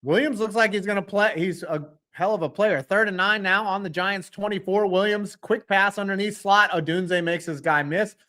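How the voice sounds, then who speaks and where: A man's voice: sits high, steady tone, moderate pace, few pauses, bright, forceful tone. A man giving live reaction commentary on a football game, calling plays, joking with his chat and cursing at the referees' calls.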